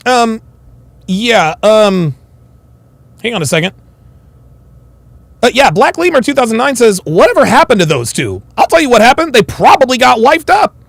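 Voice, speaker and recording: A man's voice: very high-pitched, big pitch swings, normal speed, gravelly, pauses often, a bit bright, no room sound. A man hosting a reaction commentary, slangy and swearing, talking over a clip.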